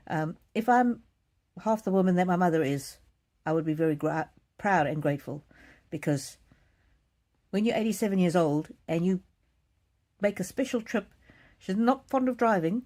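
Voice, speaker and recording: A middle-aged woman hosts a card-reading live stream and shares a personal story. She speaks in an earnest, emotional way, often stumbling and restarting her sentences. Her voice is low and warm.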